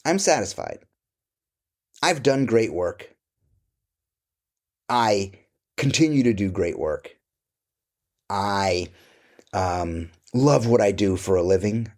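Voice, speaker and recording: A man's voice: medium pitch, darkish tone. A middle-aged man answering interview questions about his life and work, candid, blunt and profane.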